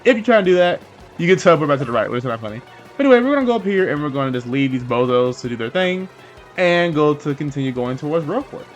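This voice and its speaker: A man's voice: on the high side, sing-song, fast talker, muffled recording, soft background music. A man hosting a let's play, making joking, playful asides over gameplay. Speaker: gaming channel host.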